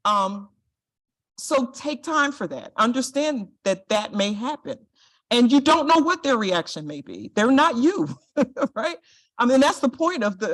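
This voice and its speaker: A middle-aged woman giving a lecture presentation to health professionals, earnest and direct, often checking in with "right?". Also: fairly high pitch. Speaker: guest speaker, compliance and privacy officer.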